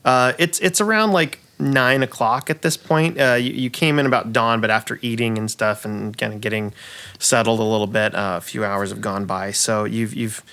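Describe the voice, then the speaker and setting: A man's voice: lowish voice, steady tone, normal speed, pushed and bright, clean tone. A man narrating a tabletop game as dungeon master, describing scenes in a rambling way with many fillers.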